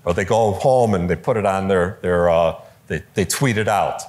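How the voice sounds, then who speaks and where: A man giving a conversational talk on preaching to a live audience, lively, with fillers and quoted voices, in a large room. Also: low-pitched, normal speed. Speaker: speaker teaching preachers.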